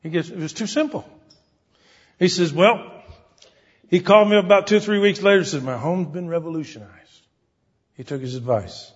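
Husky preaching man in a reverberant hall. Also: sits high, lively intonation, fairly quick, long pauses. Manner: earnest, folksy preaching with quoted voices and repetitions. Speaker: pastor. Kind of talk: sermon. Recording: dull recording in a hall with long reverb.

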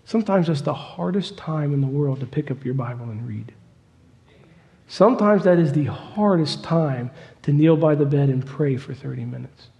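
A man's voice: fairly high pitch, creaky. A man preaching a sermon, telling a story with growing fervor. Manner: storytelling, fervent, rising to loud excitement. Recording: long hall reverb.

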